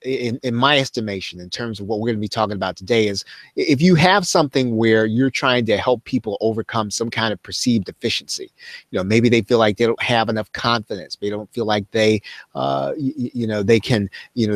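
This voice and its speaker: A man hosting a live weekend Q and A, a little hoarse after losing his voice, talking in a halting way with many fillers and restarts. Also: fairly low pitch, no room sound. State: recovering from lost voice. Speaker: host of a weekend Q and A livestream. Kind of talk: casual live presentation.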